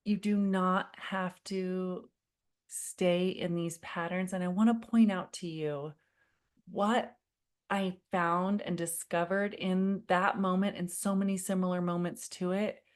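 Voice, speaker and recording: A woman in her thirties leading a live online parenting workshop, telling a personal story in a warm, confiding way and calling viewers "friend". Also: lowish voice, steady tone, slow pace. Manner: acts out her own past pleading in quoted lines.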